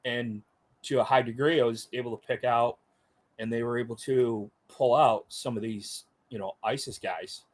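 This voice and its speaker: This middle-aged veteran guest has a mid-range voice, fairly even intonation, and a moderate pace. In a casual interview he tells stories in a plain, chatty, rambling way, filling them with fillers and voicing others in quotes.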